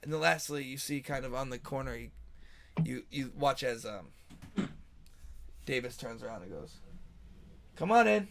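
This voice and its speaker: A man's voice: mid-range voice, normal speed, vocal fry, long pauses, a bit bright. A man narrating as game master in a casual, descriptive way.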